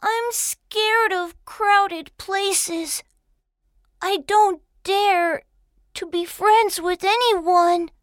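A woman's voice: extremely high pitch, drawn-out words, no echo, clean studio sound, full character voice. A woman voicing a timid little prince in a cartoon, stammering and hesitant. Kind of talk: cartoon voice acting.

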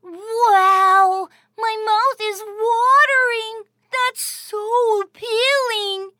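A woman's voice: very high-pitched, fairly even intonation, extremely slow, background noise, exaggerated voice. A woman voicing a brave, cheerful little boy in a children's audio story, eager and full of exclamations. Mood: excited.

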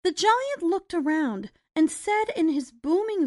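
A woman narrating a children's storybook in a deliberate, expressive way. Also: very high-pitched.

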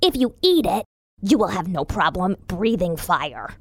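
A woman's voice: lowish voice, big pitch swings, a little slow, breathy edge, no room sound, clean studio sound, exaggerated voice. A woman voicing a proud, cocky little male fire elf who gives confident advice in a children's storybook. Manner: confident, a bit boastful.

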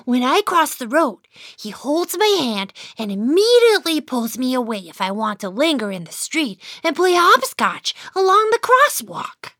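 A woman's voice: sits high, sing-song, measured pace, a bit bright, no room sound, studio quality, heavily acted. A woman voicing an unhappy little boy mouse who narrates his own storybook, grumbling and sighing about his dad. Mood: sulky. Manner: sulky, sighing, then giddy. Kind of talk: first-person storybook narration.

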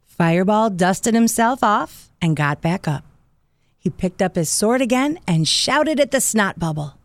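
A woman narrating a children's storybook in a gentle, clear and expressive way. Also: medium pitch, unhurried, no room sound. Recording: dry studio voice.

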